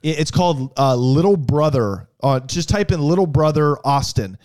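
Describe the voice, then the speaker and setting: A man tells a crude story on a podcast, swearing freely and tripping over his restarts. His voice sits a little high. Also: normal speed, darkish tone. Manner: profane, ranting, stammering restarts. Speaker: podcast guest telling a story.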